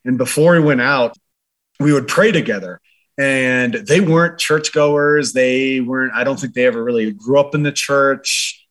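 A man's voice: mid-range voice, normal speed, fairly bright tone. A man being interviewed, a former military advisor, talking in an earnest, reflective way with many "you know" and "like" fillers. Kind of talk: reflective conversational storytelling.

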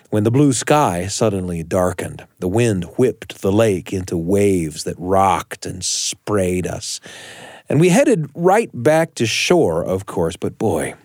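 A male host with a low voice narrates a memory in a measured, reflective way, his pitch rising and falling expressively. The recording is dry and close, with no room sound. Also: a little mellow, no room sound. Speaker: podcast host. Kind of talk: scripted narration.

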